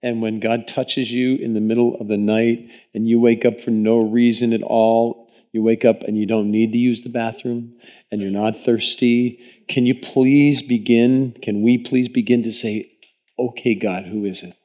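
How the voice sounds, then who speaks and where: A man's voice: mid-range voice, flat delivery, moderate pace. Muffled male pastor urging prayer. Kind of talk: sermon. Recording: dull, muffled sound.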